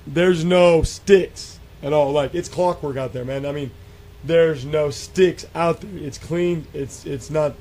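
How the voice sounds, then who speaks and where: A man telling a spooky encounter story in a casual, animated way, acting out quotes with many fillers and restarts. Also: a little high, slow. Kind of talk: casual storytelling on a radio show.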